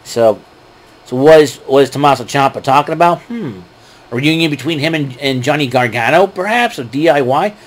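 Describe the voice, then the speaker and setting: An animated man with a medium-pitched voice and moderate pace hosts a solo wrestling recap. He rambles casually about the events, leaning on fillers and chuckling at his own jokes.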